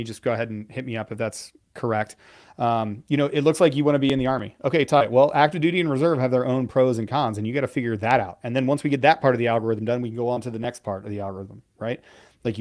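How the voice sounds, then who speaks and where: Blunt, profane male military veteran. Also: medium pitch. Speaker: podcast co-host, veteran pararescueman. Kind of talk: casual live-stream advice talk.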